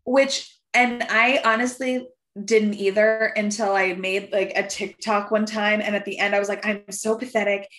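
A woman co-hosting a podcast, chatting casually and getting animated and loud as she tells a story. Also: medium pitch, moderate pace, reverberant. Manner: animated, swearing, rising to shouts when telling a story. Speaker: podcast co-host. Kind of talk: casual chat.

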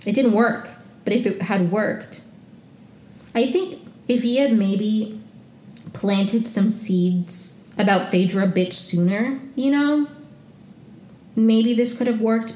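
A woman's voice: medium pitch, mellow, echoey room. A woman hosting a podcast, chatting casually and gushing, peppered with "like". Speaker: podcast host recapping reality TV. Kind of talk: casual solo recap.

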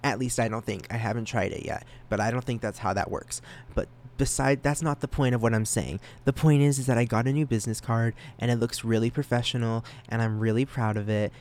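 A young man hosting a solo podcast, talking casually, excited and self-conscious, stammering through restarts and rambling. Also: mid-range voice, fairly quick, slight background noise. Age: young adult. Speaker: podcast host.

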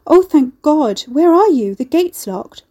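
A woman's voice: on the high side, very animated, moderate pace, dark tone, voice pushed up. A woman voicing a frantic young woman friend who talks in a panicked, urgent way. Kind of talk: audiobook character voice.

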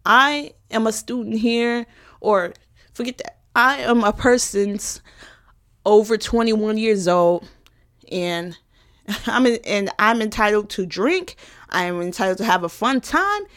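A woman's voice: mid-range voice, unhurried, a bit bright. A woman in her twenties, a college student, talking frankly and emotionally to the camera in a casual vlog, with plenty of profanity. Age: 20s. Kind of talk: candid personal vlog talk.

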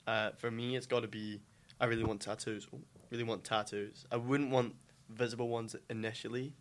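A man's voice: medium pitch, little pitch movement, fairly quick. Chatty man as a podcast guest. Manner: chatty, lots of "like". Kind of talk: casual podcast chat.

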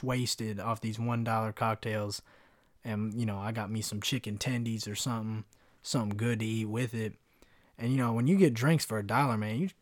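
A man's voice: medium pitch, no echo. A young adult man chats on his own podcast and rambles from one story to the next. His talk is slangy and full of swearing. He has a mid-range voice with a dry, close sound. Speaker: podcast host. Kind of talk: casual solo podcast chat.

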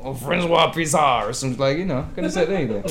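Man, podcast host, casual chat, lively swooping pitch, acts out other voices, faint background noise. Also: quick pace. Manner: animated, acts out other people's voices in his stories.

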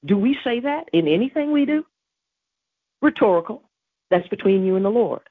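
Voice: mid-range voice, lively intonation, moderate pace, husky, no echo. A podcast host giving an emphatic devotional teaching on prayer, repeating key phrases. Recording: tinny phone-like dry recording.

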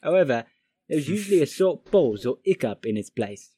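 A man's voice: fairly high pitch, sing-song, dark tone, slightly rough. Man stumbling through a guide aloud. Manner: stumbling, halting reading with restarts. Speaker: friend reading a pronunciation guide aloud. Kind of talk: casual reading aloud among friends.

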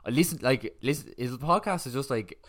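A man's voice: mid-range voice, animated, fairly quick, crowd noise. A man in his twenties with an Irish accent, co-hosting a podcast in casual, rambling chat full of swearing and filler words. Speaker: podcast co-host.

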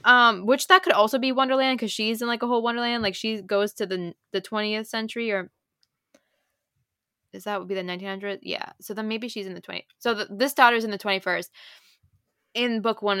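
Young woman podcast host rambling excitedly about book plots, bright and dry sound. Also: mid-range voice, smooth, dry recording. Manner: animated, breathless retelling of plots. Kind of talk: casual chat about romance novels.

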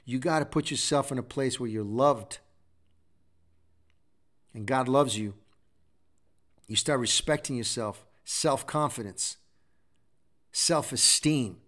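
A man's voice: mid-range voice, slow pace, pauses often, fairly bright tone. A middle-aged man hosting a show, giving a preachy motivational talk full of repeated exhortations. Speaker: show host.

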